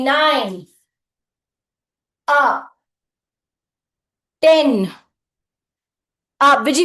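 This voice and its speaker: A woman leading a live group workout, counting reps and giving short cues and praise. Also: high-pitched. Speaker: fitness instructor. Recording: echoey room.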